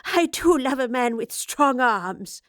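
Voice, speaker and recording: A woman's voice: fairly high pitch, sing-song, measured pace, no room sound, clean studio sound. A woman voicing a bold, teasing female time-travelling professor with a cheeky, fearless manner.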